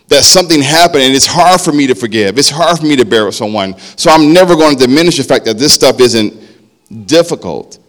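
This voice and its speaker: A man preaching a sermon as a pastor, talking conversationally and often checking in with "right?", dropping softer when he talks about himself. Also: fairly high pitch.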